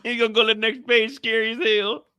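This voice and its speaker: A man's voice: extremely high pitch, little pitch movement, fast talker, sharp tone, clear, resonant tone. A man hosting a casual live reaction stream, talking in loose, profane, slangy banter and laughing often.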